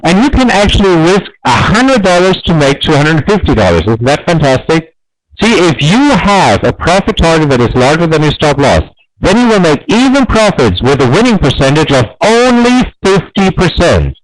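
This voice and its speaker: A male trading instructor delivers a webinar lesson in a fairly high voice that swings widely in pitch. He talks persuasively and peppers his points with rhetorical questions. The sound is close and dry. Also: big pitch swings, moderate pace, no room sound, poor audio.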